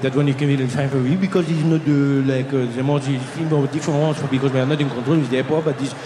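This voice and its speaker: Elderly French clerk, muddled, halting English with a French accent, played by a man in a large hall. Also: mid-range voice, steady tone, noisy background, natural voice. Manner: halting, rambling broken English. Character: older French man, airport information clerk.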